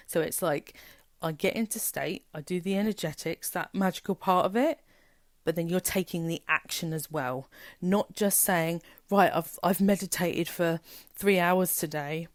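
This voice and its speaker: A woman's voice: low-pitched, no echo, clean studio sound. A woman spiritual coach giving a candid motivational talk, frank and emphatic, swearing freely and acting out quotes.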